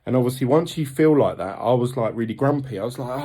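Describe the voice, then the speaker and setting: A man's voice: mid-range voice, fairly quick, dark tone. A man, talking candidly and rambling in a casual vlog with lots of ums. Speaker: vlogger. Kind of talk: casual diet vlog talk.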